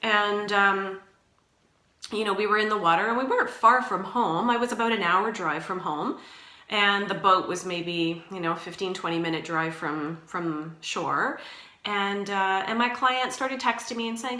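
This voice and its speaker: A woman's voice: medium pitch, normal speed, bright, forceful tone, reverberant. A woman who works as a doula, giving casual, reassuring advice and often checking in with her listener. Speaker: doula and doula trainer.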